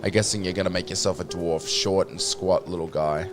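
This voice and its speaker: A British man streams a game in loose, profane banter, reading chat messages aloud between jokes. His voice runs fairly low. Music plays clearly underneath. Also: steady tone, brisk. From Britain. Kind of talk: casual gaming commentary. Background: background music.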